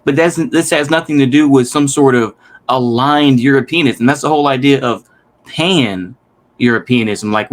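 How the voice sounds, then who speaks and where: Rambling, exasperated male commentator. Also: mid-range voice. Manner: rambling, restarts, swears, exasperated. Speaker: commentary host. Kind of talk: casual reaction commentary.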